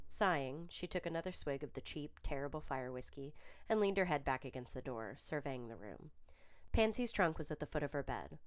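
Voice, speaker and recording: A woman narrating a piece of fan fiction in steady storytelling. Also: low voice.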